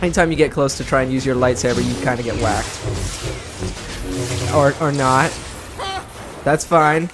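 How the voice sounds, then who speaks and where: A man's voice: medium pitch, moderate pace, pauses often. Chatty man commentating gameplay. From Britain. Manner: chatty, sarcastic, reacting to play. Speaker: let's play host. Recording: commentary over game music.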